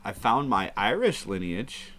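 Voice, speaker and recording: A man's voice: fairly low pitch, sing-song, unhurried, a bit bright, a little hiss or hum. A man hosting a live stream, rambling casually in a crude, joking way. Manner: rambling and crude, prone to chuckling asides.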